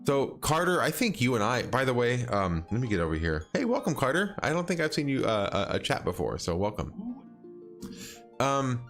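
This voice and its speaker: A man's voice: medium pitch, big pitch swings, moderate pace, fairly bright tone, soft background music. A man chatting casually with viewers while streaming a game, rambling and hesitant, full of fillers and restarts and frequent chuckles. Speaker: livestreaming game player. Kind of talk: casual gameplay chat with viewers.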